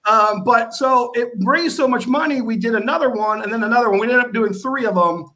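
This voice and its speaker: A man, a guest in a casual live-stream interview, telling stories about his fundraiser in an animated, lively way. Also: very high voice, fairly quick, rough recording. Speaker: guest, organizer of a service-industry fundraiser.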